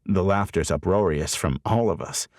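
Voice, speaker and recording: A man narrating a romance audiobook in the first person, expressive and storytelling, on a close studio mic. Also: low voice, normal speed, no room sound.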